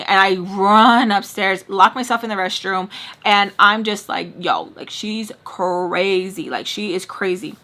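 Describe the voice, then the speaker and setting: Bright, animated storytime woman. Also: mid-range voice. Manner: expressive, dramatic retelling with heavy "like" fillers. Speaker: storytime vlogger. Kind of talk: casual storytime chat.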